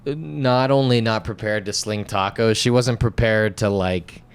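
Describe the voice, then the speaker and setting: A young man from North Carolina, a podcast co-host, telling a story in casual chat, animated and self-mocking, swearing and acting out quotes. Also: fairly low pitch, a little slow, smooth.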